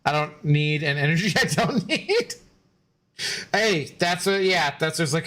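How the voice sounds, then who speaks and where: A man's voice: on the high side, very animated, a little slow, a bit bright. A man chatting casually on a gaming live stream, rambling, joking and answering chat.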